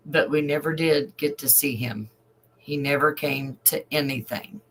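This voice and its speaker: Fairly high and a bit bright, this man's voice comes through a rough recording as he reads out a news story. He's an online commentator who goes slowly, dropping emotional remarks between read sections.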